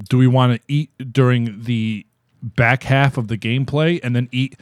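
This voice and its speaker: A man's voice: mid-range voice, steady tone, normal speed, no room sound, studio quality. A man co-hosting a podcast, chatting casually in a rambling, profane way. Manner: rambling, profane, laid-back. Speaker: podcast co-host. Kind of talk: casual chat.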